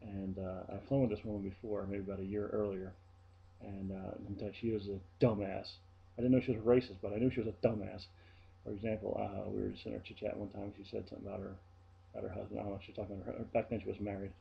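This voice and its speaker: Gravelly-voiced man telling a story. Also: on the low side, level tone, quick pace, dull audio, a little hiss or hum. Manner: chatty, blunt storytelling. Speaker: vlogger and flight attendant. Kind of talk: casual vlog monologue.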